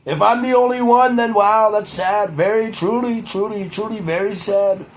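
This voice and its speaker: A man's voice: sits high, fairly even intonation, pitched above the performer's own voice, natural voice, rough recording. Man impersonating a blustery boastful politician. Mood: rambling. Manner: repetitive superlatives, drawn-out emphasis.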